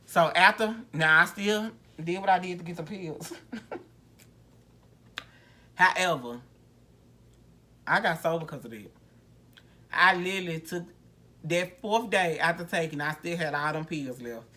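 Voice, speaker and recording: Woman podcaster rambling thru her story, bright sharp voice, lots of restarts, no real mic. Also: on the low side, unhurried, pauses often. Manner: rambling, frank, many restarts. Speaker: podcast host. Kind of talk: candid personal recovery story.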